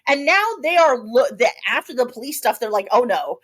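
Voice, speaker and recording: A woman's voice: high voice, animated, fairly quick, a bit bright. A woman co-hosting a podcast, telling a story in casual chat with many asides and restarts. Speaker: podcast co-host.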